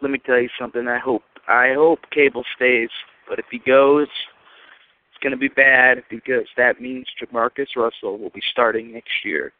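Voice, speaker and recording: A man's voice: medium pitch, steady tone, normal speed. Blunt fan guy on a crappy phone line, just says what he thinks. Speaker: caller. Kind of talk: call-in voicemail.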